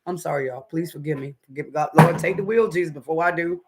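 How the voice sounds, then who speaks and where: A woman's voice: sits low, fast talker, over loud music, poor audio. A woman with a Southern North Carolina accent hosting a casual home livestream, chatting to viewers as y'all and swearing then apologizing. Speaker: cooking channel host. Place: home, indoors.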